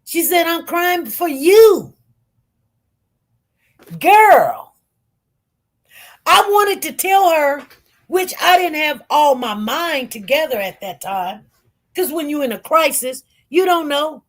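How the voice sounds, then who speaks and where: A woman with a Detroit accent talks straight to her viewers, animated and emphatic, doubling back on her words as she tells a story. Her voice sits high, and she takes her time. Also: a little slow. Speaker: live-stream commentator.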